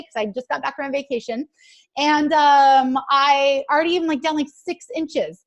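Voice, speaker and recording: A woman with a high voice talks through a team training call in a loose, chatty way. She is eager and fills her talk with little fillers and quoted asides. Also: normal speed.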